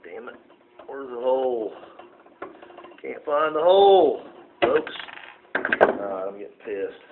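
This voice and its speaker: A man chats in a rambling, folksy way as he restores an old lantern, throwing in "folks" and a lot of "uh"s. The sound is thin and tinny, the way a phone records, with a faint hiss underneath. His voice sits in a middling pitch for a man. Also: very animated, slow. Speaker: home repair vlogger. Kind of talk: casual talk while restoring a lantern.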